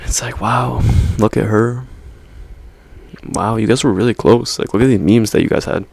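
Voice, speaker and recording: A man's voice: lowish voice, fairly even intonation, normal speed, vocal fry, darkish tone, breathy edge, no room sound. A young man vlogging in a casual, rambling monologue, peppered with slang and "right?" checks.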